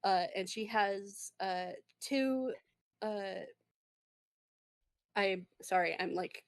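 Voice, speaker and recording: A woman's voice: mid-range voice, very slow. A woman narrating a tabletop game as game master, meandering and full of fillers.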